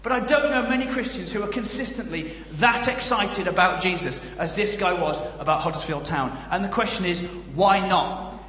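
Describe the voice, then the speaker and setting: A man with a Northern English accent preaching a comic sermon, telling jokey stories with lively asides. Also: high-pitched, normal speed, few pauses, roomy sound, long reverb tail, slight background noise. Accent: generic Northern English. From Northern England. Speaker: guest preacher and comedian. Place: church.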